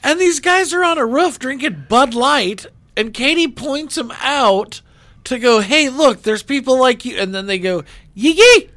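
A man co-hosting a casual podcast, quick to laugh and playful in his teasing. His voice sits high and bright, with lively swings in pitch. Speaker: podcast co-host. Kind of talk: casual chat.

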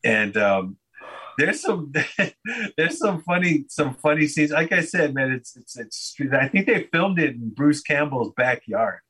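A man's voice: fairly high pitch, big pitch swings, unhurried, pushed and bright, slightly rough, low-quality recording. A man guesting on a podcast, telling a rambling story in casual chat and laughing often.

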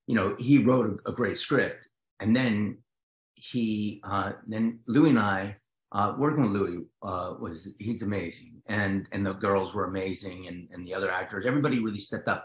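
A man's voice: lowish voice, normal speed, reverberant. A man from New Jersey with a New Jersey accent, an actor chatting in an interview, rambling with stumbling restarts. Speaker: actor guest. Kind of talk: casual interview chat.

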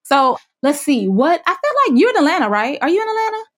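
A woman's voice: sits high, sing-song, fast. A woman hosting a casual interview, enthusiastic and affirming, often laughing. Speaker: podcast host.

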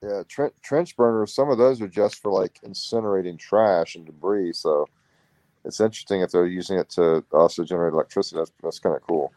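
A man's voice: low voice, a little fast, warm tone, no echo. A man, hosting a casual conversation and telling rambling stories. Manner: rambling storyteller. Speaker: podcast host.

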